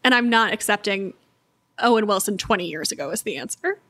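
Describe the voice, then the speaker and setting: A woman's voice: medium pitch, lively intonation, fairly quick, a bit bright. A woman co-hosting a casual book podcast, thinking aloud with many restarts and fillers. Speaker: podcast co-host.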